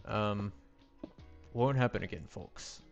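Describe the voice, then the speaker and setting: A man's voice: mid-range voice, slow, darkish tone, muffled recording. A man live-streaming a building game on a headset mic, rambling to himself with playful sound effects. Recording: faint music behind.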